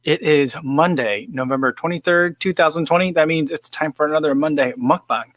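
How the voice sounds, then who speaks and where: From a home studio in the American Midwest, a man hosts a casual livestream, rambling in a relaxed way with lots of fillers and reading viewer comments aloud. His voice is fairly high and a little fast. The recording is dry.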